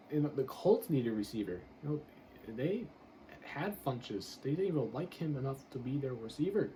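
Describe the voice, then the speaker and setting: A man's voice: mid-range voice, sing-song, moderate pace, dark tone, slight background noise, rough recording. A man grading football draft picks in a casual commentary, blunt and exasperated, swearing and laughing as he rants.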